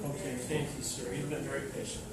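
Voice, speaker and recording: An older man giving an unhurried, anecdotal talk to an audience, with many fillers, recorded from afar in a large echoey hall. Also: mid-range voice, level tone, distant mic, heavy background noise. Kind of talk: public talk. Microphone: microphone, then unamplified.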